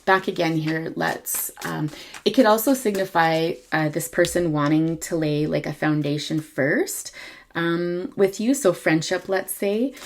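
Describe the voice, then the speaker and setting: Low-voiced woman giving a halting tarot reading. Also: slight background noise. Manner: halting, many ums and self-corrections. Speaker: tarot reader. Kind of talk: casual tarot reading to camera.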